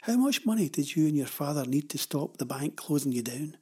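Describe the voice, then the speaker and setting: A man's voice: a little high, animated, a little mellow, husky. A man voicing a cheeky, self-assured boy who teases and steers the girl along, in a storybook reading. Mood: knowing. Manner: teasing, knowing, unhurried. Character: cheeky, confident young boy.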